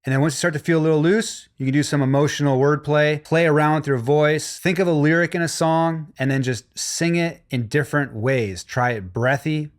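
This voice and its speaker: A man teaching a vocal recording course, talking learners through warm-ups in an encouraging way. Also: a little high, steady tone, fairly quick, hardly any pauses. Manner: encouraging, demonstrates hums and sung lines. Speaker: vocal production instructor. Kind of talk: instructional course narration.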